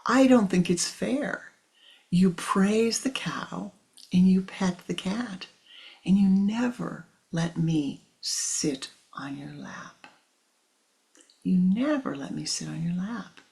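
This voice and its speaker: A deceitful, emotional cobra from a spoken parable pleads in a breathy, gravelly hush, as a man puts it on. The delivery is slow and drawn out, each promise dragged into a whisper. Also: high voice, full character voice. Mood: pleading. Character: sly emotional male cobra, wheedling and deceitful.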